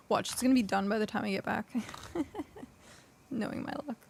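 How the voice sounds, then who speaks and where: A woman's voice: medium pitch, moderate pace, gravelly, slight background noise. A woman streaming a game, chatting casually and thinking aloud with lots of fillers. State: hiccuping. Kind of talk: casual gameplay chat.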